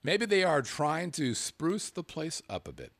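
Animated male show host. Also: a little high, a little slow. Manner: animated, jumps into mock-angry voices when reading. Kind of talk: casual chat, reading viewer emails aloud.

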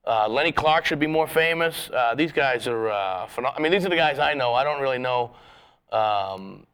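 A man's voice: mid-range voice, animated, normal speed, a bit bright, clean tone. A man, a guest comedian, telling rambling, profane stories in a casual podcast chat, with many restarts.

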